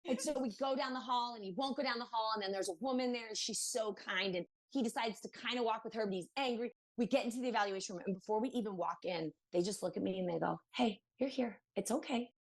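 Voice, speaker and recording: Animated woman guest telling a story. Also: a little high, fast talker, few pauses. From Maryland, USA. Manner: animated, acts out quoted voices, many fillers. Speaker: podcast guest. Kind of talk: casual storytelling interview.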